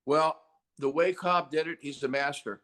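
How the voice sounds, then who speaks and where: An older man, a rock singer, chatting as an interview guest and telling stories with lively acted-out quotes. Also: a little high, normal speed. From United States. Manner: animated storyteller, acts out quotes loudly. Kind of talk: casual interview chat.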